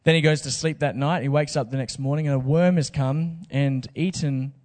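A man's voice: a little high, fairly even intonation, normal speed, darkish tone, big-room sound. A man preaching a sermon in a casual, joking way with slang asides. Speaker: pastor.

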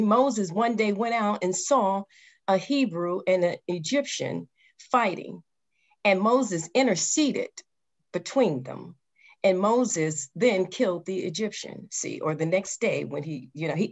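A woman's voice: fairly low pitch, gravelly. A woman teaching a Bible study class in an earnest, searching way, often stopping to correct herself and adding "see" as she goes.

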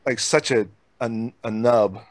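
A man telling casual, profane stories from his school days in a relaxed, chatty way. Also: medium pitch, slow pace, dry recording. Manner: profane, laid-back storytelling. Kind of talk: casual storytelling chat.

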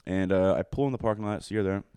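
A young man with a low-pitched voice tells a rambling story at a quick clip, peppering it with fillers and swearing. The sound is close and dry, with no room around it. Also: warm tone, clear, resonant tone, no room sound. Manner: rambling, profane, full of fillers. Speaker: guest telling a story. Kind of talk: casual storytelling chat.

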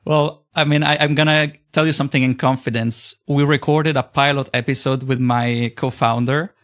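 A man with an Italian accent hosting a podcast interview, talking in an energetic, friendly way. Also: mid-range voice, moderate pace. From Italy. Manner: energetic, scripted intro then chatty. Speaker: podcast host. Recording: loud music behind intro. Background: loud music.

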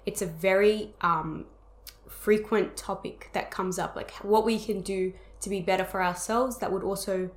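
A young adult woman co-hosting a podcast, speaking in a reflective, supportive way in casual chat, with frequent "um" and "like". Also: lowish voice. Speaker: podcast co-host. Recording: roomy echo.

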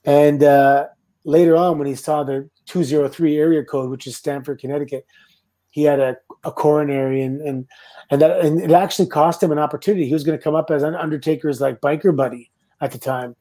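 A middle-aged Canadian man, a former wrestler, telling relaxed anecdotes with laughs as a guest. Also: a little high, brisk. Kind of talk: casual storytelling.

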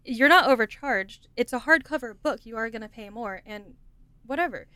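A young woman with a high, bright voice that leaps up and down as she tells her story. She is a podcast co-host, chatty and laughing, and she sounds clear and close in a dry room. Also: normal speed, dry recording. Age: young adult. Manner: animated storytelling, laughs often, drops to a hush when quoting. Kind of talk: casual chat.

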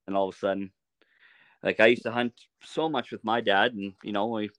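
A middle-aged man telling stories in a relaxed, casual way as a podcast guest, often laughing as he talks. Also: on the low side, fairly quick, dry recording. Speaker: podcast guest, archery shop owner. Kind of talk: casual storytelling.

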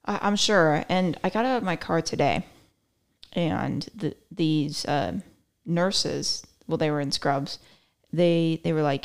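A woman's voice: low voice, takes it slowly, vocal fry, long pauses, clear, resonant tone. A young woman hosting a podcast, chatting casually and telling stories with a sarcastic edge. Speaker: podcast host. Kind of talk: casual chat.

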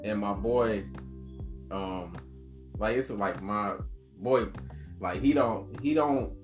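A man on a podcast telling wild, profane stories about a friend's messy house in a loose, animated way. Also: lowish voice, slow, reverberant, soft background music. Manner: animated, slangy, profane storyteller. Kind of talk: casual storytelling chat.

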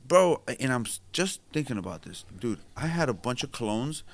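A man's voice: medium pitch, very animated, moderate pace. A man in his thirties co-hosting a casual chat, telling slangy stories and laughing through the punchlines. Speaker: podcast co-host.

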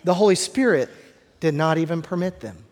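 A man with a fairly high voice preaches a sermon in an easy, chatty way. He doubles words while he builds a point and slips in jokes for the congregation. A long reverb from the sanctuary trails every phrase. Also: lively intonation, normal speed, darkish tone. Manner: joking asides to the congregation. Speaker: pastor.

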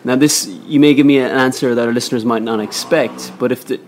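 A man's voice: medium pitch, steady tone, slight background noise. Attentive male podcast host. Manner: attentive, quick backchannel murmurs. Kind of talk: interview questions.

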